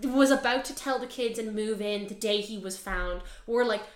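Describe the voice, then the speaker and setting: A young adult woman co-hosting a podcast, casually recapping a TV series in an animated way, full of fillers and swearing. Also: mid-range voice, moderate pace, echoey room. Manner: animated, heavy filler use, swears freely. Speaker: podcast co-host.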